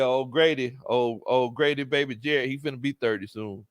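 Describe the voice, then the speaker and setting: A man's voice: mid-range voice, moderate pace, few pauses, no room sound, studio quality. A man hosting a casual sports livestream, reading viewer comments aloud and laughing often. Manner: laughs often, Southern slang, animated reactions. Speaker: sports show host and coach.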